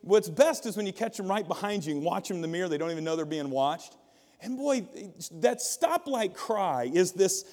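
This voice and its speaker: A man's voice: sits high, sing-song, moderate pace, a little mellow. A male pastor preaching a sermon in a humorous, conversational way, asking the congregation questions. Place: church auditorium. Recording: long reverb of a large hall.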